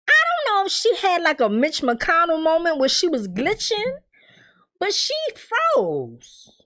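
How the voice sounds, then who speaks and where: A woman giving a casual TV recap, telling the story in a candid, animated way and acting out the characters' lines. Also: sits high, measured pace. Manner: candid, swears freely. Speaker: TV recap reviewer.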